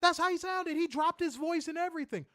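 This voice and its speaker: A man's voice: very high voice, quick pace, pushed and bright, no echo, clean studio sound. A man co-hosting a wrestling review show, ranting in an exasperated, profane, mocking way. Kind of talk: ranting casual review chat.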